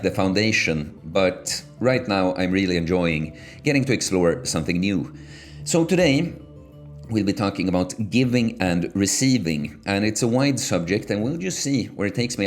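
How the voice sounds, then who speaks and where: A man hosting his own channel, talking alone in a room in a relaxed, rambling way that wanders off on side points. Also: low voice. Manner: relaxed rambling, self-correcting. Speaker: channel host. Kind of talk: casual solo talk.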